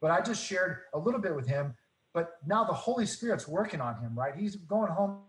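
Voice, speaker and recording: A man telling faith stories in casual talk, earnest and animated, acting out the dialogue. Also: high-pitched, fairly quick, echoey room, low-quality recording. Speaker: guest.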